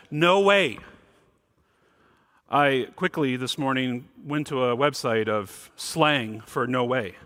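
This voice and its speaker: Emphatic preacher, man, higher voice. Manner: emphatic, swings between loud stresses and quiet low asides. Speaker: pastor. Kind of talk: sermon.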